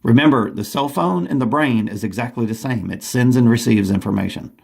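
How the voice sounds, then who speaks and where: A man's voice: mid-range voice, fairly quick, gravelly, darkish tone, breathy edge. A man delivering an urgent, agitated monologue from home, often restarting his sentences. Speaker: vlogger. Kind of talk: rambling monologue to camera.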